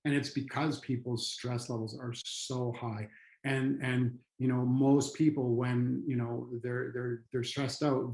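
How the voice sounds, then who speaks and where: A mid-pitched man with a Canadian accent teaches a training session in a loose, conversational way, with plenty of restarts. He jumps up in pitch whenever he acts out what people say. The room around him rings with echo. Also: warm tone. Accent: Canadian English. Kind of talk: online training lecture.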